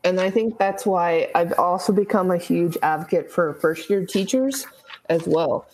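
Female educator guest, lower register, casual and talkative. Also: a little slow, darkish tone, slight background noise, poor audio. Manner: chatty, laughs often, many fillers. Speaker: teacher, podcast guest. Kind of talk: casual interview chat.

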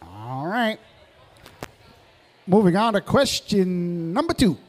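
A man with a high, bouncy voice runs a pub quiz and takes his time over each answer. He reads out results and tosses in wisecracks. He is recorded live in a pub. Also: very animated, takes it slowly, darkish tone. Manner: jokey, reads out answers with asides. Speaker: pub trivia host.

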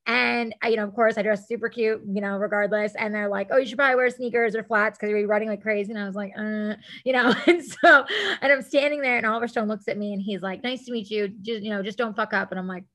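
Animated woman telling stories, lots of "like". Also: mid-range voice, fast. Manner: animated, acts out quotes, says "like" often. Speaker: guest, celebrity stylist. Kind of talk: casual storytelling interview.

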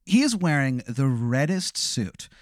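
A man's voice: mid-range voice, very animated, measured pace, no room sound, studio quality. A man hosting and telling a vivid, profane, rambling hypothetical story to his guest. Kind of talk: improvised second-person storytelling.

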